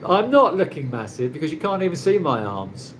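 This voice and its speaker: A man's voice: on the high side, very animated, a little fast, a little hiss or hum. A man from England, hosting a rambling casual live chat with viewers from his condo, laughing often. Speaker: livestream host. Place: condo in the Philippines.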